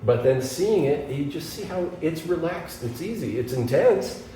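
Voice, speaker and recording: A man from the United States, a guest guitarist, telling animated stories in an interview and acting out the voices of people he quotes. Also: a little high, moderate pace. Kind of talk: storytelling interview. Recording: echoey room from a distance, faint background noise.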